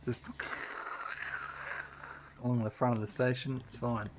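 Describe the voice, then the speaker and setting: A middle-aged man giving relaxed, chatty commentary while streaming a game. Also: mid-range voice, measured pace, background noise. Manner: relaxed, chatty, talks to his dog in a sing-song voice. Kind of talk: casual gameplay commentary.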